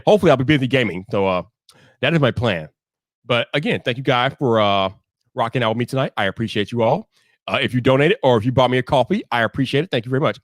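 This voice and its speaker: A man's voice: mid-range voice, no echo, clean studio sound. A man hosting his own livestream, talking bluntly to viewers in a casual, repetitive way with slang and many restarts. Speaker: livestream host.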